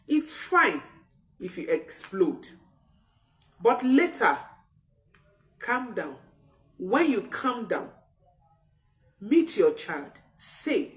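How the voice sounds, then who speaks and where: Lively woman parenting coach, distant mic. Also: medium pitch, takes it slowly, pauses often. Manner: expressive, repeats key phrases for emphasis. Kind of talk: motivational parenting talk.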